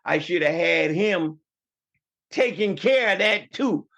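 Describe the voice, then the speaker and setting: A man's voice: sits high, lively intonation, slow, vocal fry, a bit bright. A man in his fifties with a New York accent, telling family stories in a rambling, casual way as a podcast guest. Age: 50s. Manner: storytelling, rambling with many restarts. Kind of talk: casual chat.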